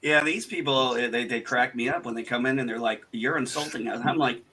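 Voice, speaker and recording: A man hosting a casual livestream chat, telling animated stories with lots of swearing and acting out his own retorts. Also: mid-range voice, brisk, slight background noise. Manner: animated, swearing storyteller, acts out quoted retorts. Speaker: host.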